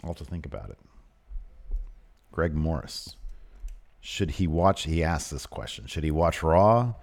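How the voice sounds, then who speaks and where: A man's voice: rumbling low, animated, a little slow, a little mellow. A man co-hosting a casual wrestling podcast, joking around with his co-host and reading listener questions. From American South. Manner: playful, jokey, shifts into mock-announcer delivery. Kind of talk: casual chat, reading previews aloud.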